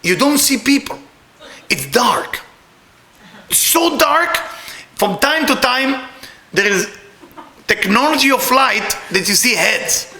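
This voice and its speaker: A man's voice: extremely high pitch, lively intonation, a little slow, sharp tone, reverberant, slight background noise. A middle-aged man teaching a Kabbalah class, telling a story with laughter and repeated words.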